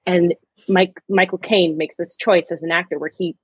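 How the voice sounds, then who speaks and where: A woman's voice: on the low side, steady tone, moderate pace, husky, no room sound, lo-fi sound. A woman co-hosting a podcast, retelling film scenes with emotional enthusiasm in casual chat. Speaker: podcast co-host.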